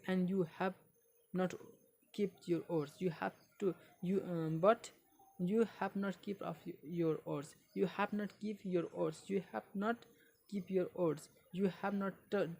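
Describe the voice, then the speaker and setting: A woman, not a native English speaker, reading a book aloud in a halting way and repeating phrases for learners. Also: on the low side, darkish tone, slight background noise.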